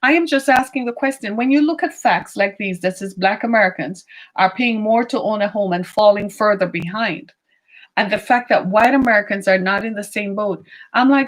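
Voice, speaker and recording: A woman giving opinionated commentary, emphatic, asking rhetorical questions and slowing down on key points. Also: medium pitch. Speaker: political commentator.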